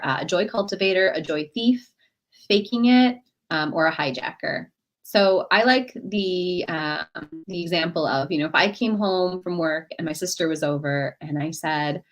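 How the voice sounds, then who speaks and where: A woman, a clinical social worker, giving a workshop talk in a conversational way, often checking in with "right?" and acting out example dialogues. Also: lowish voice. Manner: lively, acts out example dialogues in other voices.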